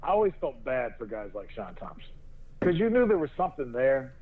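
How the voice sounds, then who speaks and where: A man's voice: mid-range voice, fairly quick, husky, narrow, tinny audio. A man co-hosting a podcast, chatting about sports and chuckling often. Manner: animated, chuckling. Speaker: podcast co-host. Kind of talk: casual sports chat.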